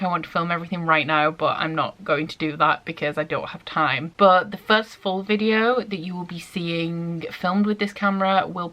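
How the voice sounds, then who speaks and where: A young woman chatting excitedly in a casual reading vlog, full of "like" fillers. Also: mid-range voice. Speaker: book vlogger.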